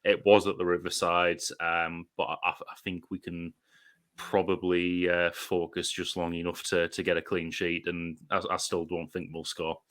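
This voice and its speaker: A man co-hosting a football podcast, deadpan and gloomy. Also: low voice, normal speed, no echo, clean studio sound. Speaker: podcast co-host. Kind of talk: casual football chat.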